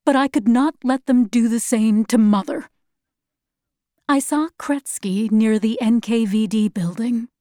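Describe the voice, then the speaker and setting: A woman reads a first-person story aloud, slowly and at a measured pace, in a fairly high voice. The recording is close and dry, with no room sound. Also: dark tone, no room sound. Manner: slow, measured and plain. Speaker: narrator.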